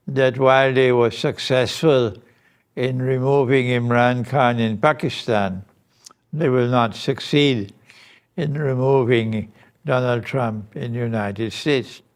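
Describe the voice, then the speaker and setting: Guy lecturing real slow and deliberate, smooth clear voice, leans hard on points. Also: medium pitch. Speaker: Muslim lecturer. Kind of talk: recorded lecture.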